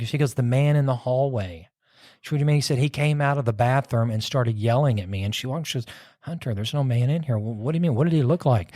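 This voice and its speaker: A man's voice: mid-range voice, fast, dark tone, no room sound, studio quality. A man casually telling a long ghost story, rambling and circling back with "so anyways.". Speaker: podcast host telling a story.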